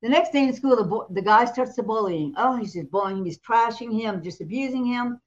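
An American woman tells a story on a talk show, slipping into the voices of the people in it and laughing as she goes. Her voice sits a little high. The sound is slightly dull, like a lo-fi recording. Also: brisk. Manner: animated storyteller, acts out quoted voices, laughs often. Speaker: co-host and prophetic minister.

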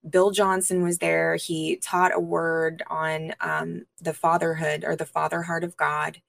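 A woman interview guest, a minister, earnestly telling her personal testimony with pauses and frequent fillers. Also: sits low, flat delivery, vocal fry, fairly bright tone, no echo.

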